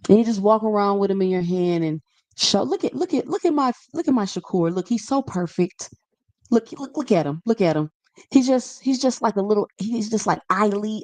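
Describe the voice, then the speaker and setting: A woman in her thirties giving a casual, slangy opinion monologue on boxing, animated and sassy, often repeating herself. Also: medium pitch, no room sound. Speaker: boxing commentary vlogger.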